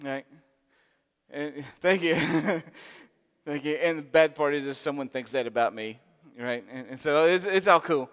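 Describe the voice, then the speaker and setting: A man preaching a sermon, telling a story in an animated, humorous way. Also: fairly high pitch, measured pace. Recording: long reverb in a large hall.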